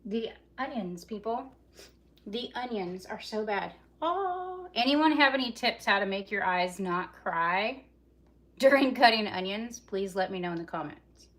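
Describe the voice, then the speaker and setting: A woman's voice: medium pitch, expressive, unhurried. A woman doing a live cooking vlog in her home kitchen, rambling chattily and talking straight to her viewers. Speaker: cooking vlogger. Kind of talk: casual live cooking chat. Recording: loud kitchen chopping noise. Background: chopping and kitchen clatter.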